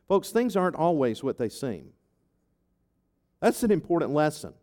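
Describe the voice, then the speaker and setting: A man, a pastor, preaching a sermon to his congregation, telling stories and reading scripture in an animated way. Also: a little high, normal speed, pauses often.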